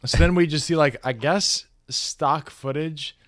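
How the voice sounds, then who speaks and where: A man co-hosting a casual movie review podcast, retelling scenes and quoting characters in a relaxed drawl. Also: on the high side, measured pace. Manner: chatty, quotes characters in a laid-back voice. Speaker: podcast co-host.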